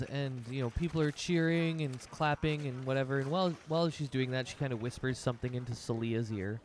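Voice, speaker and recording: A man's voice: medium pitch, fairly quick, hardly any pauses, a little hiss or hum. A man narrating as game master of a tabletop game, rambling loosely with many fillers.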